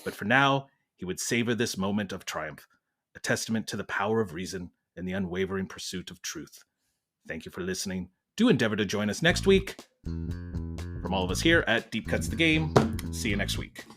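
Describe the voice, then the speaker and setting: A man's voice: lowish voice, very animated, normal speed, fairly bright tone, soft background music. A man putting on a stately British narrator. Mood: mock-grand. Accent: put-on British.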